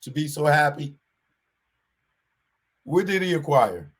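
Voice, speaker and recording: Slow-talking man giving street warnings. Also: a little high. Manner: animated street talk, repeats warnings. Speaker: show host. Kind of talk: casual commentary monologue.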